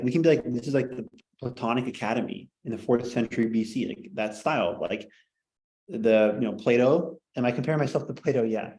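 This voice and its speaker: A man's voice: mid-range voice, poor audio. A man teaching a class in casual lecture style, rambling and joking, heavy on filler words, in a classroom.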